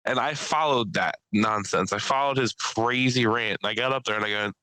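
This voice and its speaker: Young man, casual podcast chat, rambling comedy stories, crisp voice. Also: mid-range voice, moderate pace, no room sound, rough recording. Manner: rambling storyteller, swears a lot, acts out people in loud bursts. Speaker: podcast host and stand-up comedian.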